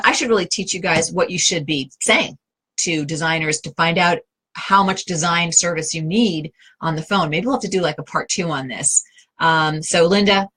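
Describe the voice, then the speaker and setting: A woman's voice: on the low side, fairly bright tone, slightly rough, rough recording. A middle-aged woman with a New York accent, an interior design advisor answering viewer questions in a chatty, direct way with many fillers and restarts.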